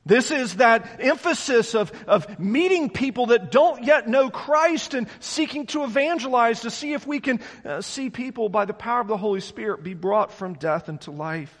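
A male pastor delivers an earnest sermon, unpacking scripture for his congregation. His voice sits high for a man, and a long reverb trails each phrase through the church sanctuary. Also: expressive, normal speed, few pauses. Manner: preaching, explaining scripture in earnest.

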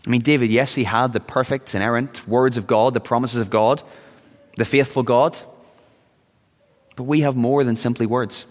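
An earnest male pastor preaching a sermon, his voice at a middle pitch. At times he pushes into urgent, pleading appeals to the congregation. The sound carries the long reverb of a church sanctuary. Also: fairly even intonation, moderate pace.

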